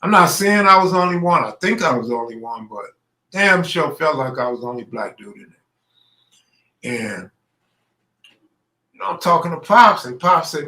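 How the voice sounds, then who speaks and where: A man's voice: fairly high pitch, animated, a little fast, sharp tone. A middle-aged man from Los Angeles telling a true story in a casual, slangy way, acting out the people he quotes. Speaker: storyteller host. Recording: roomy echo.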